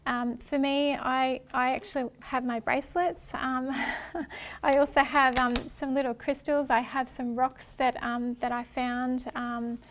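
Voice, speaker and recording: A woman presenting a workshop talk in a gentle, hesitant way, with many ums and restarts. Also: sits high, little pitch movement, a little slow, slight background noise. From Australia.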